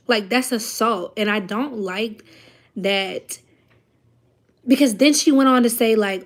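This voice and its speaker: A woman's voice: fairly high pitch, expressive, unhurried, pauses often. A mother vlogging in casual chat, talking straight to her viewers and telling a story with growing heat. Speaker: parent.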